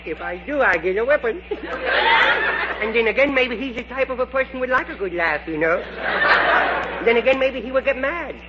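A very high, squeaky little male cartoon prankster, giggling and talking himself into mischief. The sound is dull and lo-fi, with heavy hiss like an old film soundtrack. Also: animated, a little fast, pauses often. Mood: scheming, giggly. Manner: muses aloud to himself, giggly and impish. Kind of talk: vintage cartoon voice acting.

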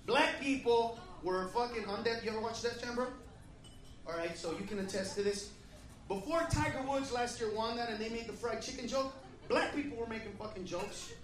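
A man doing a stand-up set in a comedy club. He rants with a lot of profanity and swings from quiet mutters to loud shouts. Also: extremely high pitch, fairly quick, distant mic. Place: comedy club stage with a live audience. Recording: echoey club with crowd laughter and noise.

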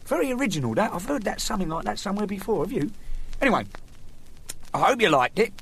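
A man's voice: high voice, very animated, fast, gravelly, a bit bright, slightly rough. A middle-aged man hosting his own radio spot, rambling playfully and chuckling at his own jokes. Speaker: radio show host. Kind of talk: joking casual monologue.

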